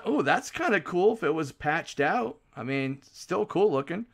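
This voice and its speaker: A man hosting a hockey card break, calling out each card loudly and then muttering quieter asides to viewers. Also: on the high side, animated, moderate pace, hardly any pauses. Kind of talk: casual card-break commentary.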